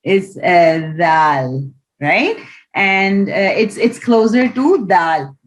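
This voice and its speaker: A woman's voice: medium pitch, expressive, takes it slowly, low-quality recording. A woman teaching Quran reading in an online class, patiently demonstrating each letter sound aloud over a video call.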